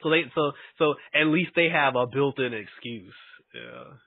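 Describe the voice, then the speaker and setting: A man's voice: medium pitch, animated, no room sound. Easygoing guy agreeing n laughing along, middle voice, dry phone-ish audio. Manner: laid-back, agreeable, quick to laugh. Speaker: podcast co-host. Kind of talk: casual chat. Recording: tinny phone-like, dry sound.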